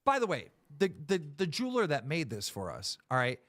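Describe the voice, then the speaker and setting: A man's voice: a little high, huge pitch swings, fairly quick, a bit bright. A man hosting a live stream, ranting in an exasperated, complaining way with plenty of swearing. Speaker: show host.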